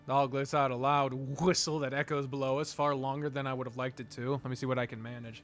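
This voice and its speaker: A man's voice: medium pitch, brisk, few pauses, faint music behind. A man playing a text game, reading the story aloud and chatting along, cursing freely. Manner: animated, swears freely. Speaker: let's play gamer.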